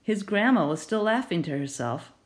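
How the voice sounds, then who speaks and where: A woman narrating a children's novel in an expressive storytelling manner. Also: medium pitch, normal speed. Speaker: audiobook narrator.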